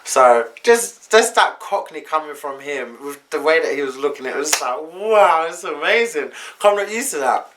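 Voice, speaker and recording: A man's voice: a little high, animated, normal speed, fairly bright tone, slight background noise. A young man telling a personal story to camera in a casual, slangy, candid way. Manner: chatty, slangy, candid retelling. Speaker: vlogger.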